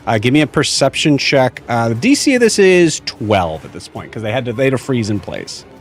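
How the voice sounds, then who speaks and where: A man narrating as game master of a tabletop role-playing game, casual and halting with many fillers. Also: mid-range voice, very animated, faint music behind.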